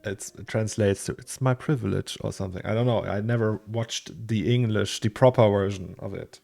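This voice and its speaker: A man's voice: lowish voice, steady tone, moderate pace, vocal fry, mellow. A young man, casually chatting to viewers and musing aloud to himself as he streams his 3D work from a home office. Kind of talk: casual live-stream chat while working. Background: faint lo-fi music.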